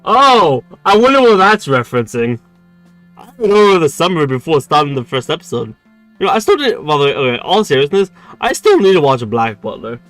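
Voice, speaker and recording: A man's voice: a little high, sing-song, brisk, faint music behind. A man streaming a dating game, reading its text aloud and chatting with his viewers in a giggly, stammering way. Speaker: gaming streamer.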